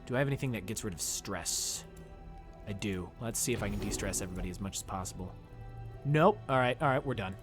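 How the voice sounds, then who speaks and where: A man streaming a video game, talking casually with his viewers in a loud, jokey, excitable way. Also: lowish voice, fast talker, music in the background. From United States. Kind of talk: casual live-stream commentary. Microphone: desk microphone.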